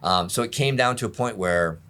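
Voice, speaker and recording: Low-voiced man telling his story. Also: brisk, fairly bright tone. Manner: open, self-deprecating, laughs at himself. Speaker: pastor and interview guest. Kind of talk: candid storytelling in a conversation.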